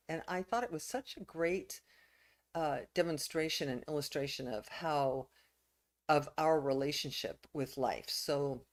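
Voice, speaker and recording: A woman minister preaching a reflective sermon, pausing with fillers and restarts. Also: sits low, darkish tone.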